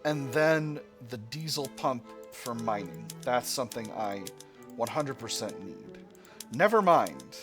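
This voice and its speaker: Lively-pitched man musing over a strategy game. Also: measured pace. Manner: musing, playful asides, sudden high squeals of delight. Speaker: strategy game let's-player. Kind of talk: casual gameplay commentary. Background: game music.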